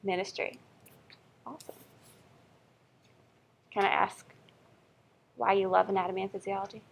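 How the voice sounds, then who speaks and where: A woman's voice: medium pitch, steady tone, moderate pace, gravelly, a little hiss or hum. A young woman from North Carolina with a Southern accent, a college professor chatting upbeat with her class and calling roll in a classroom. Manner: upbeat, chatty, checks in with "okay?". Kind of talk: first-day class introduction and roll call.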